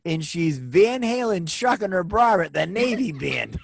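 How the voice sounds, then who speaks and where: Lively quick-talking man hosting. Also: sits high, vocal fry, no echo. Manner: quick, playful recapping. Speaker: comedy host. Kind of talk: casual chat.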